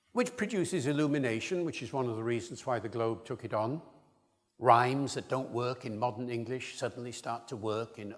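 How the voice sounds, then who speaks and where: An older male linguist lectures to an audience in a hall, his middle-pitched voice carrying a long reverb. He is discursive and enthusiastic, often breaking off for asides. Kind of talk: public lecture.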